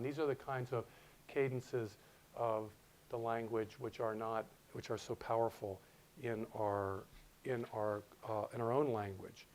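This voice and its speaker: A middle-aged man giving a conversational university lecture, often restarting his phrases and reading quotations aloud slowly. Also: mid-range voice, steady tone, slight background noise, low-quality recording.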